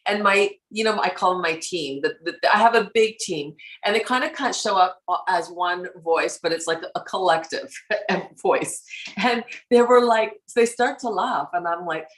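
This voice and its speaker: A woman guest in a casual conversation about her spiritual work, telling stories lively and acting out quoted exchanges, often laughing. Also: medium pitch, moderate pace. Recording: roomy echo.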